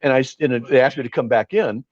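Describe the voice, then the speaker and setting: A man leading an informal Bible study, talking in an animated, argumentative way with frequent restarts. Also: mid-range voice, fast talker, no room sound. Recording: dull, dry lo-fi recording.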